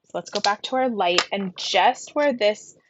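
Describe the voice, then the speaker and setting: A woman teaching a card-colouring class in casual tutorial narration, her voice gravelly from a lingering cough, often dropping into soft murmurs as she works. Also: mid-range voice, measured pace, muffled recording, background noise. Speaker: card-making instructor.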